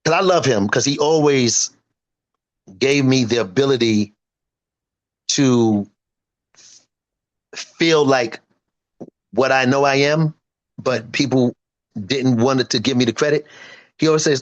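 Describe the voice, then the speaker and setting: Speaking unhurriedly at medium pitch and pausing often, a singer and producer in his fifties is heard on a muffled recording. In a lively, casual interview, he talks emphatically and boastfully, acting out what friends told him.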